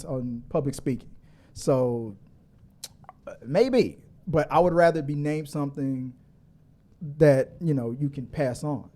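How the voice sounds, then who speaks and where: A middle-aged man hosting a casual live stream, laughing often and reading viewer comments aloud. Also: on the high side. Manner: laughing, animated, reads chat comments aloud.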